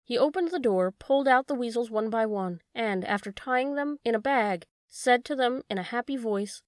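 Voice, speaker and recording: A woman narrating a classic children's tale in a calm, measured storybook reading. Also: a little high, no echo, studio quality. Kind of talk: storybook read-aloud.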